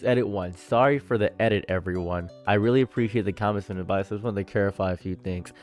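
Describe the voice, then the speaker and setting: A man reacting to a forum story he reads aloud, ranting and animated, jumping from loud outbursts to low murmurs. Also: fast, soft background music. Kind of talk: casual commentary.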